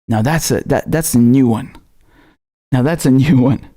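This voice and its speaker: Mellow-voiced man hosting a casual livestream. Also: medium pitch, normal speed. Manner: loose and chatty, with slangy asides and self-repetition. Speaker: political commentary livestream host.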